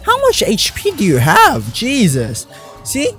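A man hosting a let's play, commenting in an excitable, joking way with loud outbursts. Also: very high-pitched, slow, faint music behind. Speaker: gamer, channel host.

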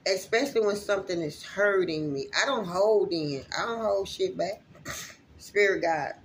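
A woman's voice: medium pitch, moderate pace, a little hiss or hum. A woman gives a loose, heartfelt spiritual reading to her viewers in a mid-range voice. She is chatty and openly emotional, and she swears freely as she talks straight to her audience. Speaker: spiritual reader.

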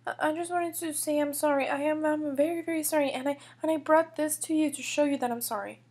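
A woman voicing an excitable, boastful little boy in a toy figure story, with bouncy, squealing cheers. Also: sits high, fast, lightly acted. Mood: apologetic.

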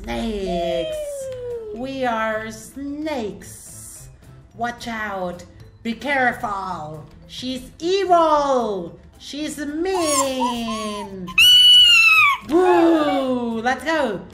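Speaking extremely slowly, a woman gives a high, expressive, heavily acted performance as a hungry, gleeful cat monster in game role-play. She giggles, taunts, and slips meows between her lines, all in an echoey room filled with loud game music.

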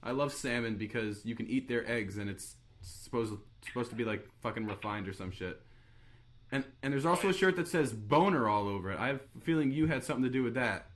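A young man hosting a live webcast interview, talking in quick, crude, mocking banter. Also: medium pitch, lively intonation. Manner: joking, rapid, crude and mocking.

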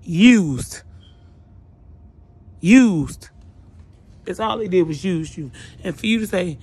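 A woman's voice: on the low side, a little fast, darkish tone, slightly rough. A woman vlogger delivering a blunt, profane, scolding rant straight to her viewers, sounding like she just woke up. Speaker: YouTube vlogger. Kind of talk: ranting commentary vlog.

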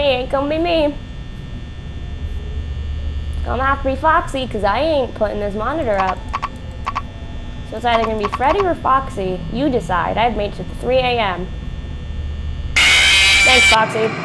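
This high-pitched female gaming YouTuber plays a horror game in her home room, a cat close by, talking back to the characters and cursing in frustration as she gives let's play commentary. Heavy background noise surrounds her, with music playing beneath her voice.

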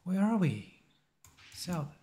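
A man hosting a map-guessing game video, thinking aloud in a halting, musing way with short chuckles. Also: high-pitched, big pitch swings, dark tone, slight background noise.

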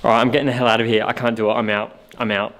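A man's voice: mid-range voice, level tone, racing. A man talking casually to the camera in a vlog, chatty and easily spooked, using lots of filler words. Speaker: co-host of a ghost-hunting channel. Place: inside an empty old hospital building. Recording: echoey, reverberant room with faint noise.

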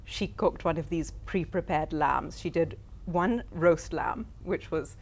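A Pakistani woman who writes and hosts a cooking show speaks in a deep, gravelly, husky voice, a little on the slow side. As an interview guest, she tells anecdotes in a lively way and acts out the lines she quotes.

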